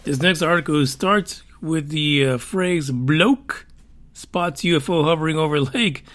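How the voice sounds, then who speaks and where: A man's voice: a little high, a little slow, fairly bright tone. A man hosting a solo podcast, talking casually with wry asides and lots of fillers. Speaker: podcast host.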